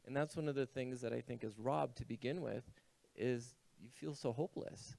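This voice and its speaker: A man's voice: mid-range voice, normal speed, gravelly, dark tone. A man speaking as a panelist, telling his own story in a candid, reflective way.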